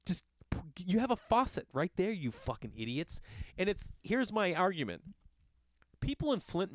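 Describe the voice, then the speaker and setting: A middle-aged man ranting in a casual monologue, swearing often and jumping between loud outbursts and muttered asides. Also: on the high side, no room sound, clean studio sound. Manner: ranting, profane, animated. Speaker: podcast host. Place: Los Angeles.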